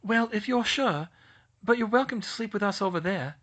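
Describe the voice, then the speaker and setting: Man putting on a raised voice for a brisk clever schoolgirl, decisive, lively. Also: high voice, voice pushed up. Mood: hushed.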